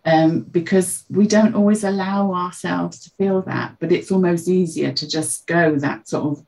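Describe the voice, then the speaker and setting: A woman with a slightly low voice talks through her ideas in an unhurried, reflective way. She explains carefully and often drops into quoted phrases to illustrate them. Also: vocal fry, rough recording. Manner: calm, explanatory, acts out example phrases. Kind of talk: reflective podcast conversation.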